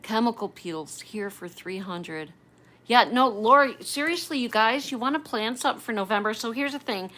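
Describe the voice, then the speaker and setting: A woman's voice: on the high side, lively intonation, normal speed, a bit bright, low-quality recording. Chatty middle-aged woman hosting a livestream. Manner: chatty and rambling, addresses viewers directly. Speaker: livestream host. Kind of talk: casual livestream chat.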